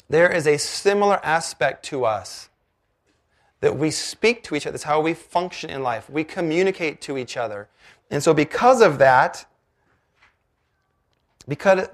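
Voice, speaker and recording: A man preaching a sermon, earnest and emphatic, slowing down to read scripture. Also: on the high side. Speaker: pastor.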